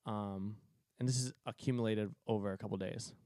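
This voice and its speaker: A man in his twenties from Cape Cod, telling a story in a profane, animated way that is full of laughs. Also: fairly low pitch, a little fast, no echo, clean studio sound. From Cape Cod, Massachusetts. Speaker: podcast co-host. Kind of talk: casual storytelling.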